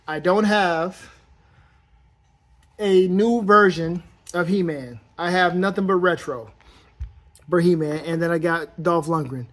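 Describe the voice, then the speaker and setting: A man's voice: fairly high pitch, moderate pace. A man giving a casual toy review, rambling and playful as he thinks aloud while posing a figure.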